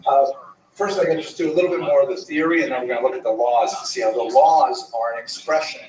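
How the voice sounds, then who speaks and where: A man teaching a class as a rabbi, an animated storyteller. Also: medium pitch, fast, a crowd in the background. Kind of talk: lecture. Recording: roomy, far from the mic.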